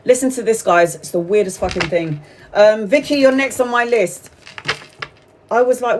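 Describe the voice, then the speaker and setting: A woman's voice: medium pitch, fairly quick, darkish tone, slight background noise. A woman giving a casual live-stream tarot reading. She chats freely, swears and laughs often. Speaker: tarot reader.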